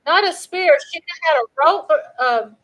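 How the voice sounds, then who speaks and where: A middle-aged woman hosting a casual livestream, talking in a lively, chatty way and swinging from loud cheering to low asides. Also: measured pace, dull audio. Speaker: livestream host.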